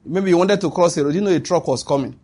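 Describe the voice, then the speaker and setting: In church, with the congregation responding, a pastor preaches fast in a little high, mellow, slightly rough voice. His sermon is built on emphatic, repetitive declarations punctuated by bursts of laughter.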